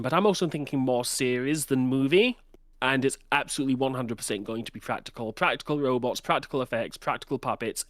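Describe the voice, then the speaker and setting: A man's voice: medium pitch, no echo. A man in a book club chatting casually and animatedly, now and then putting on voices to make a point. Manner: animated, breaks into voices for examples. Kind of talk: casual chat.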